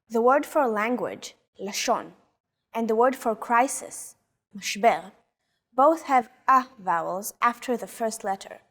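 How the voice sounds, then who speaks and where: A woman co-host slowly modeling pronunciation for learners, careful and deliberate. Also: a little high, fairly bright tone. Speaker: native-speaker co-host.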